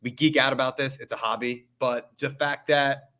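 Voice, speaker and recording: A man co-hosting a podcast in a laid-back, slangy way. His voice is bright and forceful, sitting at a middling pitch. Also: steady tone, normal speed. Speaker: podcast co-host. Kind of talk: casual podcast chat.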